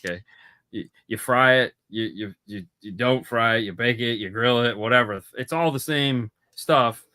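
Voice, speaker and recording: A man co-hosting a podcast in casual chat, rambling and repeating words as he tells drawn-out stories. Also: medium pitch, sharp tone. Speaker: podcast co-host.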